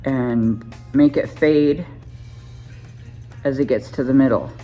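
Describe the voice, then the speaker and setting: Low-voiced chatty woman doing makeup. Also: takes it slowly, warm tone, soft background music. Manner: chatty, self-deprecating, narrates each step. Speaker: beauty vlogger. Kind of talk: casual makeup tutorial.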